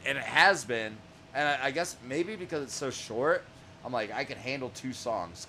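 Excitable cussing guy on a podcast, voice jumps all over, bright tone. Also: mid-range voice, slight background noise. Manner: profane, excitable, laughs often; shouts out quoted vocals. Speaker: podcast host. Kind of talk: casual chat reviewing music.

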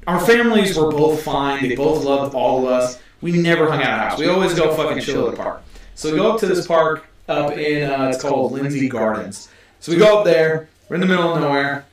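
A man's voice: a little high, lively intonation, brisk. A man hosting a podcast, telling a long story in a casual, profane, rambling way. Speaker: podcast host. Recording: echoey room, distant mic.

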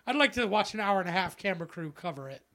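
A man co-hosting a podcast, excitable and profane in casual chat, laughing often. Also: high voice, fast. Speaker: podcast co-host.

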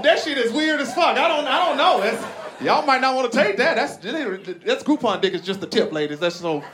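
Southern guy doing standup, swoops way up into silly voices, lots of crowd laughs and room noise. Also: normal speed. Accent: Southern American. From Arkansas, USA. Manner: animated, profane storytelling with big pitch swings into voiced characters. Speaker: stand-up comedian. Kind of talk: stand-up comedy set. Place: large live comedy venue with laughing audience.

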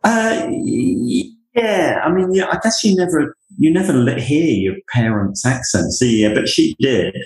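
A man's voice: fairly high pitch, animated, unhurried, a little mellow, roomy sound, low-quality recording. A middle-aged Englishman with a Northamptonshire accent, telling rambling, self-deprecating stories in an interview. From England. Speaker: interview guest, university leader. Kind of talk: conversational interview.

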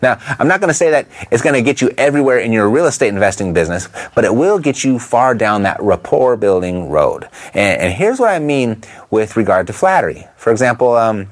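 A man teaching real estate investors how to talk to motivated sellers, in a lively coaching manner that keeps asking the listener rhetorical questions. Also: lowish voice. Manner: briefly imitates a Texan twang. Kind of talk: instructional talk to camera.

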